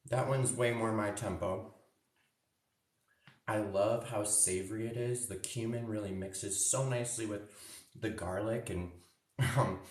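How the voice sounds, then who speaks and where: A man teaching a live cooking demo for kids, cheerful and chatty, tasting food as he talks. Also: fairly low pitch. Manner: cheerful, chatty, tastes food while talking. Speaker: cooking instructor. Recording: roomy echo, mic at a distance.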